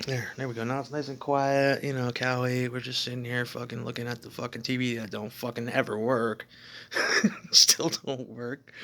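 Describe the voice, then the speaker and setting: A drummer, male, launches into a profane, defiant rant at people who aren't seen, mocking them and laughing between lines as he swings from loud outbursts to muttered whispers. His pitch is medium, and there's slight background noise.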